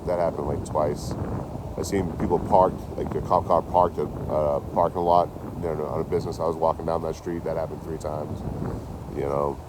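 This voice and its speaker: A man chatting casually to his livestream chat outdoors, telling stories in an animated, swearing way. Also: a bass voice, moderate pace, noisy background. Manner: animated, swears a lot, talks to chat by name.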